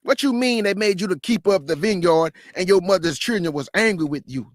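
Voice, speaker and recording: Very high-voiced man teaching scripture. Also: animated, a little fast, no echo, studio quality. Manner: conversational, rhetorical questions, slangy. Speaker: host and Bible teacher.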